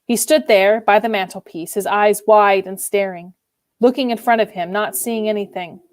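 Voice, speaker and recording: A woman reads a classic novel aloud in a measured, expressive storytelling voice. Her pitch sits in the middle range, and the recording is dry and close with no room sound. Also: no echo. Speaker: reader. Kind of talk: dramatic reading of a classic novel.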